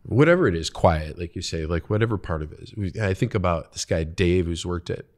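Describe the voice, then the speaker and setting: A man's voice: low voice, expressive, a little fast, a little mellow. A man hosting a podcast, talking casually about work and the people he works with, trailing off and restarting his thoughts as he goes. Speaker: podcast host. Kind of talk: casual conversation.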